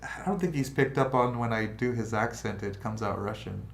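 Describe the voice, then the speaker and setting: A man hosting a casual livestream chat, talking in an animated, rambling way full of restarts. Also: medium pitch, normal speed, gravelly. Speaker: crypto project host. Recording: roomy room with faint noise.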